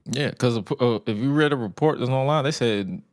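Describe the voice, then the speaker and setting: A man co-hosting a sports podcast, telling stories with jokes and swearing and acting out what others said. His pitch is ordinary middle. The recording is dry and close with no room sound. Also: normal speed, no room sound. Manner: storytelling, quotes others with acted asides, profane and joking. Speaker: podcast co-host. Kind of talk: casual sports chat.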